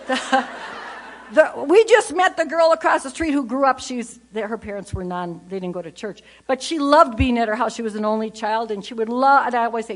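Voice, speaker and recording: An older woman gives a humorous, animated storytelling talk at a conference. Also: on the high side, a little fast. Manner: animated, chatty, acts out family anecdotes. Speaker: conference speaker.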